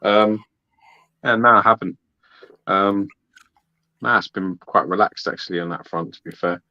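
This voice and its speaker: Bloke co-hosting, low voice, laid-back, swears a lot, dull lo-fi mic. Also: male voice, unhurried, no echo. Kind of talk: casual chat.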